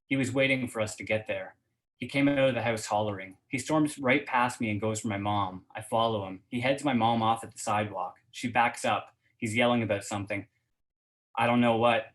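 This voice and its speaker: A man reading first-person fiction aloud at a reading event in a steady voice, hesitant and full of fillers when he chats. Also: lowish voice, fairly quick, rough recording. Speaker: guest reader.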